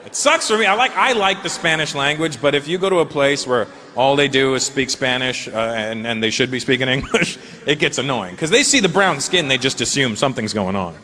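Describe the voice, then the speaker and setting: A middle-aged man doing a stand-up comedy set in a large venue, animated and swearing freely as he mimics characters. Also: medium pitch, brisk. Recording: noisy live show with crowd ambience.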